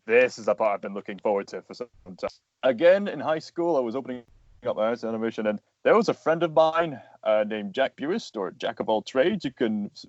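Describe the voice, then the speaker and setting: A man's voice: medium pitch, dry recording. A young man, a voice actor and animator, explaining his craft earnestly in a casual interview. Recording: dull lo-fi sound, dry.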